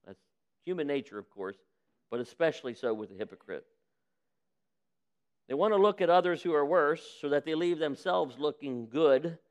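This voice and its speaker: Pastor preaching with a clear, fairly high voice. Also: male voice, expressive, moderate pace, pauses often, dull audio. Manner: preaching with acted-out quotes of sinners and God; folksy direct address to the congregation. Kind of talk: sermon.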